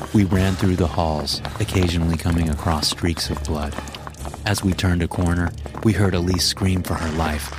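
Deep-voiced man narrating a horror story. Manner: measured, grim storytelling. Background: background music.

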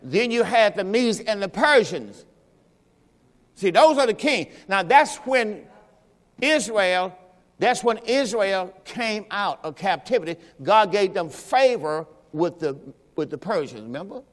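In a church sanctuary with long hall reverb, a pastor preaches at a measured pace in an animated, high-pitched voice. He teaches in a loose, conversational style, quizzing his congregation as he goes.

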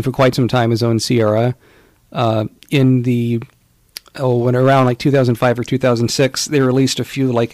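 Gravelly man rambling through casual chat. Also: mid-range voice, a little mellow, no echo. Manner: rambling, with many fillers and restarts. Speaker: podcast co-host. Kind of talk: casual chat about retro video games.

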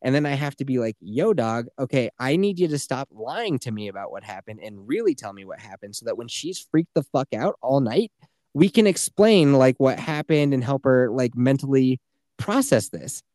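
A man's voice: medium pitch, sing-song, normal speed, mellow, no echo, studio quality. A man in his thirties, a podcast host, telling a story in casual chat, swearing freely and acting out the people he quotes.

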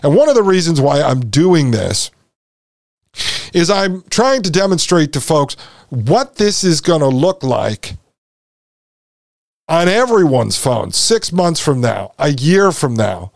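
A man's voice: fairly high pitch, sing-song, slow pace, vocal fry, no echo, clean studio sound. A man hosting his own podcast, explaining technology in an emphatic, conversational monologue and speaking straight to his listeners. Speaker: podcast host.

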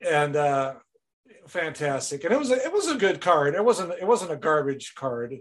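A man in his forties chatting casually, giving short replies and telling an animated story. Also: a little high, normal speed. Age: 40s. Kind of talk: casual chat.

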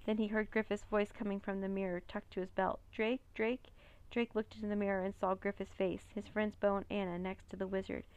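A woman narrating a children's chapter book in a steady, plain reading voice on a close mic. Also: mid-range voice, fast, few pauses, clear, resonant tone, no room sound. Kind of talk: storybook read-aloud.

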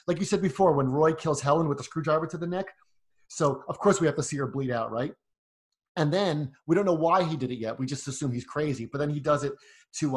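A man co-hosting a casual film podcast, talking fast and picking the movie apart point by point. His voice sits a little high for a man, and he rattles through his argument with a sceptical edge. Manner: quick, argumentative, critical. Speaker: podcast co-host.

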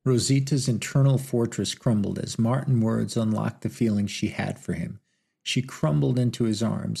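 A man's voice: lowish voice, moderate pace, gravelly, warm tone, slightly rough. A man reading a novel aloud as audiobook narration, in a dry, wry storytelling manner. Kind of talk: scripted narration.

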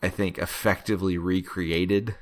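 A man co-hosting a casual film podcast, hesitant and measured, with many ums and pauses. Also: low voice, steady tone. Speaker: podcast co-host.

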